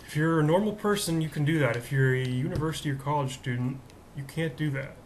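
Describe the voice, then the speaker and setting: A man's voice: a little high, fast, slight background noise, low-quality recording. A young man in his twenties hosting a comedic vlog, talking in a rambling, jokey, self-mocking way. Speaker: host.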